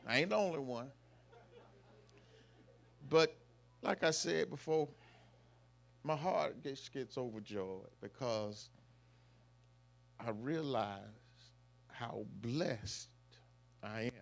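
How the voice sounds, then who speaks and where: A middle-aged man giving an emotional, storytelling tribute to his father at a family celebration, with loud folksy bursts. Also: mid-range voice, creaky. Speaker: eldest son giving a birthday tribute. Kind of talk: heartfelt family speech. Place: live family celebration event.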